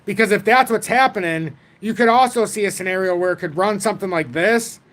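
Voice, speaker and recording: A man in his forties hosting a casual livestream about crypto charts, talking in an excitable, rambling way from home. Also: high voice, fairly quick. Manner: rambling, excitable, self-taught trader talk.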